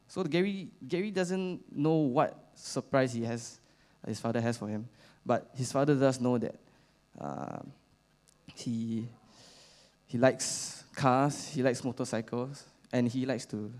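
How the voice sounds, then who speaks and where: Young Singaporean man, mid-pitched, casual rambling church talk full of fillers. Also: darkish tone. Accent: Singaporean English. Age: young adult. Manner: halting, many fillers, chatty with slang particles. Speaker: youth speaker at church. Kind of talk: casual storytelling sermon.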